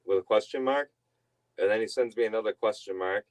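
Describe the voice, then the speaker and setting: Deep-voiced rambling young man. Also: brisk, low-quality recording. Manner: rambling, laughs often, self-interrupting. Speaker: reseller streamer. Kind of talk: casual storytelling to viewers.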